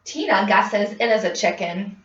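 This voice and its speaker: A woman clinician speaking slowly and distinctly, giving prompts for a child to repeat and then narrating. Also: medium pitch, lively intonation, a bit bright. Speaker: speech clinician giving a test. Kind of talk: slow, clear test prompts and narration. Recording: muffled, distant lo-fi recording.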